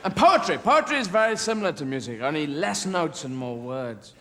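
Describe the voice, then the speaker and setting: A man performing a stand-up comedy routine, animated and full of sudden silly voices, recorded live in a large theatre. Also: fairly high pitch, brisk. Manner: animated, flips into many silly character voices. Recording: live stage recording in a reverberant hall with crowd noise.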